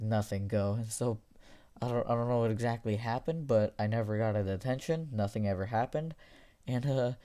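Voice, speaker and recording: Teenage boy, storytime vlogger, low voice, smooth, rambling fillers. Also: dark tone. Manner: rambling, filler-heavy retelling. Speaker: storytime YouTuber. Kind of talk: casual storytelling.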